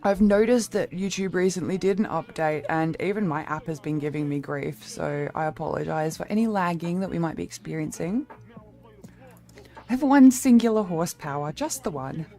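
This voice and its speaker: A woman's voice: low voice, moderate pace, warm tone, faint music behind. A young Australian woman chatting casually on her livestream, playful, swearing freely and laughing often. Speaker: streamer.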